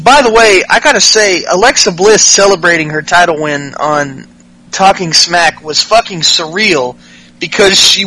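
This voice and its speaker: A man's voice: sits high, bright, forceful tone, low-quality recording. A man hosting a podcast, recapping wrestling in a crude, jokey way and mocking wrestlers with put-on voices. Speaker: podcast host.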